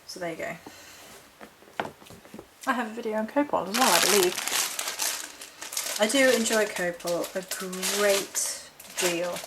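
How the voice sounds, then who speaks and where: A woman's voice: medium pitch, a little slow, long pauses, very noisy. A woman vlogger chatting casually through a haul of witchcraft supplies, rambling, backtracking and reading notes aloud from a book. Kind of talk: casual chat showing a haul.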